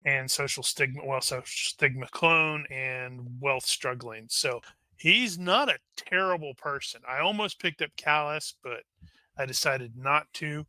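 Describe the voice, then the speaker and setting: A man talking over his character with his game group in a chatty, joking way. His voice is strikingly bright and tense, and the sound is dry and close. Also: mid-range voice, unhurried, dry recording. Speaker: player. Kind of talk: casual tabletop session chat.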